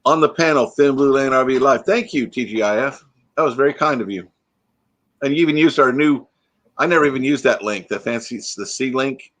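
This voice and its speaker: A man hosts a relaxed live stream, talking in a loose, rambling way as he greets viewers and reacts to their comments. His voice sits at an ordinary middle pitch. He sounds like he only just woke up. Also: a little fast. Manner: chatty, reads viewer comments aloud and answers them. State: groggy, freshly woken. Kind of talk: casual live stream chat.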